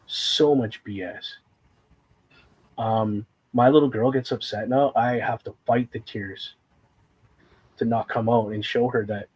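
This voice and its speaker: A man with a husky, slightly rough voice talks openly about his feelings in a relaxed conversation. He rambles a little, leaning on fillers, and sounds close to tears at times while staying earnest. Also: medium pitch, a little slow, long pauses, poor audio. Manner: candid, fighting back tears at times. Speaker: guest sharing a personal story. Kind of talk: casual conversation.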